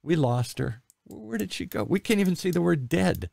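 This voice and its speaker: A man in his sixties hosting an interview, telling personal stories in a candid, rambling, animated way. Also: a little high, a little fast, vocal fry. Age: 60s. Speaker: podcast host. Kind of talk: conversational interview.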